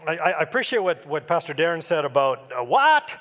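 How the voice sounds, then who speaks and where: A man's voice: fairly high pitch, fast talker, fairly bright tone, long reverb tail. A Canadian man preaching a sermon in a church, telling a personal story in a conversational way and asking the congregation questions. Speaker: pastor.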